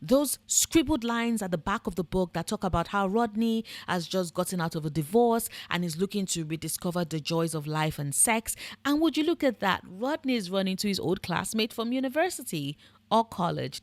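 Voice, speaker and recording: A woman's voice: mid-range voice, expressive, normal speed, no room sound. A woman giving scripted commentary in a blunt, sarcastic, profane manner. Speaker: book and fandom commentator.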